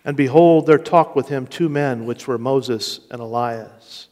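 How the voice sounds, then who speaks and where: A man preaching a sermon with slow, deliberate delivery and rising emphasis. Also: medium pitch, darkish tone. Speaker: pastor. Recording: long reverb of a large hall.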